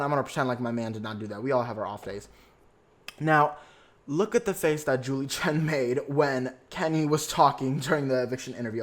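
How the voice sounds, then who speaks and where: A young man hosting a podcast, giving a sassy, gossipy recap of reality TV with lots of swearing and dramatic asides. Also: mid-range voice. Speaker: podcast host.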